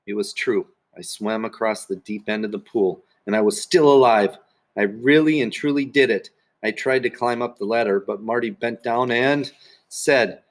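A man narrates a children's story aloud in the first person, his voice mid-pitched and even. The reading is plain and steady, told as an audiobook. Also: normal speed.

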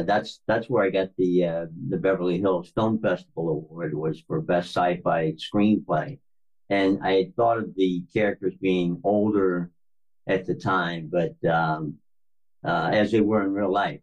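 A male author from Florida talking as a podcast guest, speaking haltingly with many fillers and restarts. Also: low voice, darkish tone, dull audio. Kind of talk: conversational interview.

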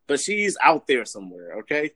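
A man co-hosting a casual podcast, telling a story in an animated way and laughing often as he talks. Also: mid-range voice, normal speed, breathy edge, no echo, clean studio sound. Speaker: podcast co-host.

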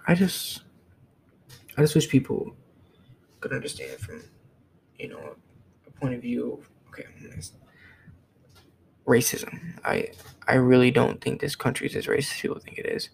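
Very gravelly young man ranting. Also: mid-range voice, very animated, moderate pace, pauses often, slight background noise, rough recording. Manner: blunt, profane, repeats himself. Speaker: vlogger. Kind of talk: heated opinion rant.

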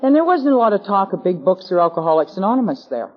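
A woman's voice: mid-range voice, big pitch swings, fast. A woman with a Canadian accent, giving a wry, self-mocking personal testimony to a convention audience, on an old tape. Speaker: speaker at a recovery convention. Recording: dull lo-fi 1980s convention tape.

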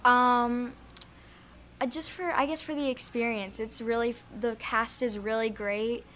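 A woman's voice: on the high side, steady tone, measured pace, fairly bright tone, a little hiss or hum. A woman guest talking about her role in a play, hesitant and giggly. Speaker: guest actor in a local play. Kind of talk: casual interview.

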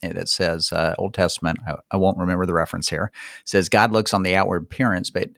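A man hosting a faith discussion, speaking haltingly and pausing to search for his words. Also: low voice, fairly even intonation, vocal fry, a bit bright, no room sound, clean studio sound. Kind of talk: conversational faith talk.

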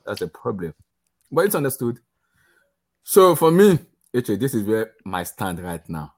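A man's voice: lowish voice, unhurried, husky. A man whose first language is Arabic, ranting and mocking in a casual football podcast chat. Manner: animated, mocking rants. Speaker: football pundit.

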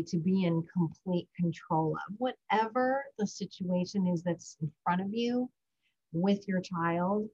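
A middle-aged woman hosting a parenting podcast, telling a story from her own life and guiding a short breathing exercise. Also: on the low side. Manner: warm reflective storytelling, guides breathing. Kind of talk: casual solo podcast talk. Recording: dull lo-fi recording.

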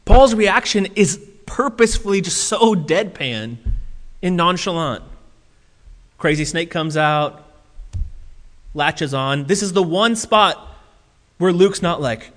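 Male pastor, lively sermon delivery, fairly high voice, hall echo. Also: unhurried. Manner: animated, acts out quotes with shifting voice. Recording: long hall reverb.

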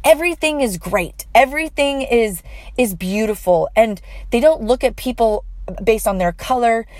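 A woman's voice: a little high, animated, normal speed, a little mellow, no echo. A woman telling a personal story in an earnest, heartfelt way, with frequent fillers and restarts.

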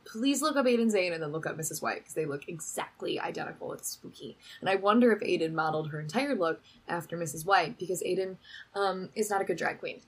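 A woman's voice: lowish voice, quick pace, slightly rough, low-quality recording. A young woman co-hosting a podcast, chatting casually and retelling a film with lots of "like". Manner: chatty, says "like" a lot, lively retelling. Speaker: podcast co-host recapping a film. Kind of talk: casual chat.

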